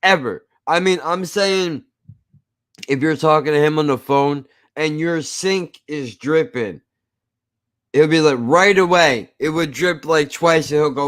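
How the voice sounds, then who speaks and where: A man's voice: on the high side, unhurried, fairly bright tone. A man from New Jersey hosting a podcast, ranting emphatically in casual chat, repeating himself and swearing. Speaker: podcast host.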